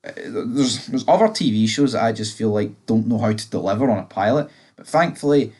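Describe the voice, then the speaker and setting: Male reviewer, lowish voice, loose and profane, off-the-cuff recap energy. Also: expressive, fairly quick, darkish tone, husky. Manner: blunt, rambling, swears freely. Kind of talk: casual episode review.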